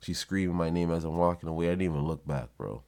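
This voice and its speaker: Young man, low voice, blunt and profane, for a casual vlog monologue. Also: fast talker, a little mellow. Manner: blunt and profane, heated storytelling. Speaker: vlogger.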